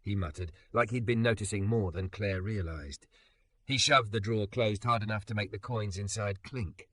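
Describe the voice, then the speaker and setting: A man narrating a scripted romance story in a dramatic, measured way. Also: fairly low pitch, fairly bright tone, dry recording.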